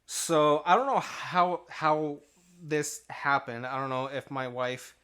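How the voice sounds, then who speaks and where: A man's voice: fairly high pitch, slow pace, pushed and bright, smooth. A man co-hosting a casual podcast chat, talking close to the mic in a rambling, hesitant way with many restarts. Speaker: podcast co-host.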